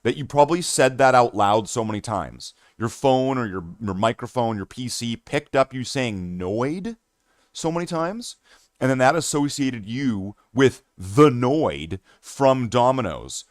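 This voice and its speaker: A man's voice: medium pitch, lively intonation, unhurried, no echo, studio quality. A man chatting casually on a hobby live stream, rambling and joking at himself with many fillers and restarts. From Canada.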